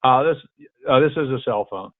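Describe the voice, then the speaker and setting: A man's voice: medium pitch, fairly quick, no echo. Laid-back man, tinny phone-like sound. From Pittsburgh, US. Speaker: trainee playing the prospect. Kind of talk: role-play of a sales call. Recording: tinny, phone-like dry recording.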